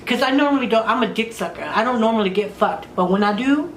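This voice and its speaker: Crude, animated woman telling stories. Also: a little high, quick pace. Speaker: podcast host. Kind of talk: candid casual storytelling. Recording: roomy room with faint noise.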